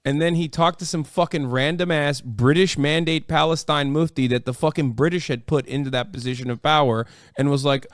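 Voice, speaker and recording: A man's voice: fairly high pitch, a little fast, few pauses, dry recording, clean studio sound. A man hosting a livestream, reacting in casual, profane and incredulous commentary. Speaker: livestream host.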